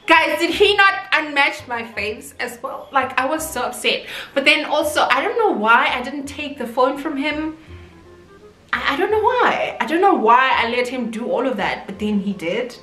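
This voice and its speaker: Bright-voiced young South African woman. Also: high-pitched, normal speed. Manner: chatty, expressive, talks straight to viewers. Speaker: YouTuber. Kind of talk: casual storytime vlog. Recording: roomy echo, faint background music.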